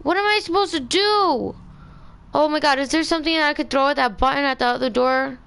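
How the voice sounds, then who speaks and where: A woman's voice: high-pitched, fairly bright tone, slight background noise. A young woman streaming a game, talking in exasperated, swearing bursts of frustration. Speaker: gaming streamer. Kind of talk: live let's play commentary.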